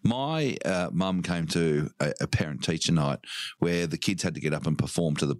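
A man's voice: deep voice, moderate pace, dry recording. An Australian man co-hosting a comedy radio show, telling family stories in dry banter. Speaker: radio co-host.

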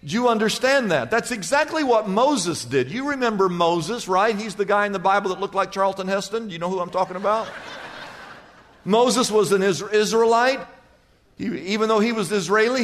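A male pastor delivers a sermon, mixing scripture with jokes and stories and asking the crowd for amens. His voice sits high for a man. The sound carries a long hall reverb. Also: fairly bright tone. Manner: humorous storytelling preacher, asks the congregation for amens.

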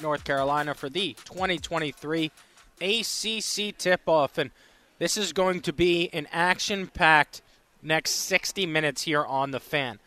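A man's voice: fairly high pitch, sharp tone. A man hosting a live sports radio show, upbeat and chatty, reading out phone numbers between talk. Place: radio row at a sports event.

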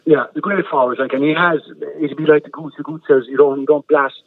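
An Irish man giving emphatic, animated football analysis on sports radio, repeating words for stress. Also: a little high, brisk, a little hiss or hum. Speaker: GAA football pundit. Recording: tinny phone-line sound.

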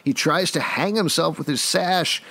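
A man's voice: fairly high pitch, unhurried, gravelly, pushed and bright. A man co-hosting a casual podcast, recapping a TV episode in a wry, joking way and often restarting sentences. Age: middle-aged. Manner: wry, jokey storyteller with frequent restarts. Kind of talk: casual chat.

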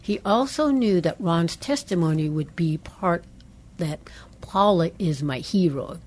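Middle-aged woman cohosting radio call-in, husky low voice, animated storyteller. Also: measured pace. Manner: animated storyteller, quoting voices she heard. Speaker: pastor's wife and co-host. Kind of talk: call-in radio talk, personal testimony.

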